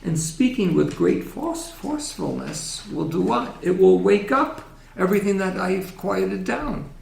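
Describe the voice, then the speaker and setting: A man giving a gentle, reflective religious lecture in a synagogue hall, often asking his audience questions. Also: high-pitched, expressive, unhurried, vocal fry.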